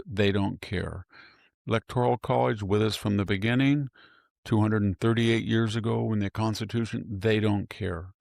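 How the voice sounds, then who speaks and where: Older male pundit, low gravelly voice, dry close sound, emphatic and fond of rhetorical questions. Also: darkish tone, no room sound. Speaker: political commentator guest. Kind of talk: opinionated interview talk.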